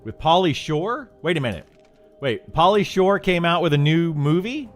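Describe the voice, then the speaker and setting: A man's voice: on the high side, lively intonation, moderate pace, faint music behind. A middle-aged man chatting casually while streaming a game, rambling with lots of fillers and restarts.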